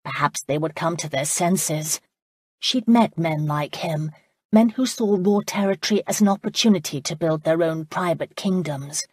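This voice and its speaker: A woman reading a historical romance audiobook in calm, even scripted narration. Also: low-pitched, moderate pace, slightly rough, dry recording, clean studio sound.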